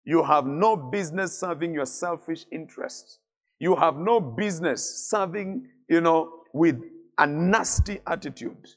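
A middle-aged man delivers a sermon as a bishop, his voice pitched somewhat high for a man. He drives his points home through repeated phrases and lets his lines sink down low at the close. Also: measured pace. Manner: emphatic preaching with repeated phrases and falling endings. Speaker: bishop preaching.

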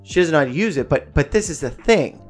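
A man's voice: fairly high pitch, fast talker. Young guy on a podcast, swears a ton, acts out his mom and brother, light music under it. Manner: animated, swears a lot, acts out family quotes. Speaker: podcast co-host. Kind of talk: casual chat, storytelling.

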